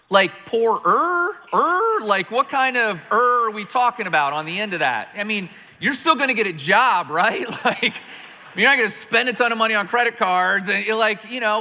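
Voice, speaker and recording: A middle-aged man preaching a sermon in a large church, conversational and animated, acting out little scenes as he goes. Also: sits high, fairly quick, big-room sound. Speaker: pastor.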